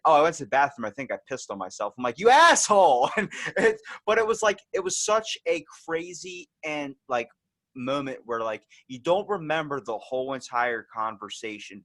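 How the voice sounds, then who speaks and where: A man's voice: mid-range voice, fairly bright tone. Young male podcast host; candid, rambling chat. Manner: candid, rambling storytelling with lots of "like".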